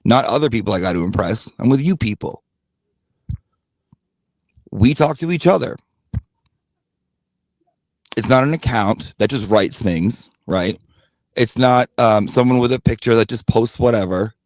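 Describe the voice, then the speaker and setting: A man's voice: mid-range voice, unhurried, pauses often, a little mellow, no room sound. A man hosting his own commentary channel, ranting bluntly to his audience with plenty of swearing and repeated emphasis. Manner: blunt, profane, repetitive emphasis; talks directly to his audience.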